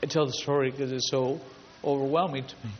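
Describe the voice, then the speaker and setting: A pastor preaches a storytelling sermon in a medium-pitched, fairly even voice, moving briskly. He tells his stories emphatically and builds long, repetitive lists, while the recording sounds dull and lo-fi with a long hall reverb.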